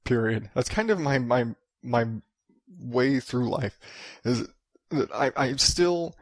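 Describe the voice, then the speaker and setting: A man's voice: medium pitch, slow, no room sound, studio quality. A man in his thirties hosting a solo podcast, ranting and rambling with lots of swearing. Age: 30s. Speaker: podcast host.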